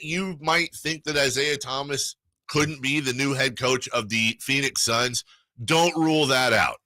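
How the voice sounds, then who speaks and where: Sports radio host, man, bright crisp voice, dry studio sound, playful banter. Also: mid-range voice, measured pace, no room sound. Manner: animated, playful, jumps into excited mock voices.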